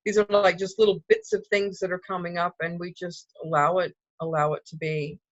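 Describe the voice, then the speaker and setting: A woman's voice: fairly low pitch, level tone, a little fast, no room sound, lo-fi sound. Reassuring woman explaining spiritual growth. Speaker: spiritual co-host. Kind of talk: casual spiritual chat.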